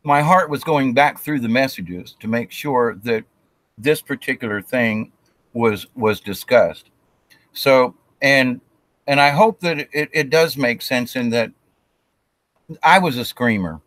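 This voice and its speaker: A man's voice: medium pitch, slow pace, fairly bright tone, no echo. A man giving a casual spiritual talk, rambling with restarts and acting out quotes of himself and others.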